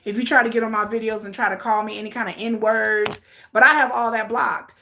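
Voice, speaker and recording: A sassy woman talks through a live watch-along from her home setup, laughing often and full of attitude. Her voice sits a little high and rings bright and sharp. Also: steady tone, brisk, vocal fry. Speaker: content creator hosting a live watch-along. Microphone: desk setup with ring light.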